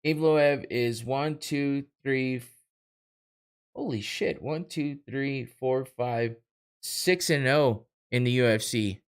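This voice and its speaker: A young man hosting a solo podcast speaks at a slow pace in a clean, medium-pitched voice. He provides casual watch-party commentary as a live fight unfolds. It's rambling, profane, self-mocking, and full of laughter.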